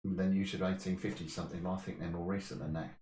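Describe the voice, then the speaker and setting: A man's voice: low-pitched, flat delivery, fast, darkish tone. A man co-hosting a history quiz podcast, with dry, teasing banter. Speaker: podcast co-host. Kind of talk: casual podcast chat. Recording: echoey room, faint noise.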